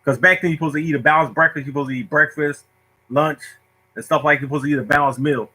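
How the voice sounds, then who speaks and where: A middle-aged man spins a funny tale from his youth in a casual monologue, frequently laughing and performing the characters. His slightly high voice is fast, pushed, and bright with a breathy edge and fairly even intonation, on a low-quality recording.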